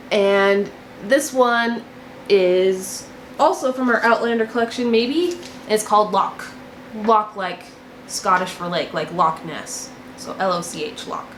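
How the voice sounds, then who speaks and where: A young woman with a fairly high voice hosts a knitting video podcast, gushing over her finished projects in casual show-and-tell chat. She often repeats words for emphasis, and the echoey room adds a little hiss or hum.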